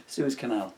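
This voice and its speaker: A man's voice: a little high, darkish tone, slight background noise. A man reading aloud from his own comic novel, breaking off often for self-mocking asides. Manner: digressive, self-mocking jokes between passages.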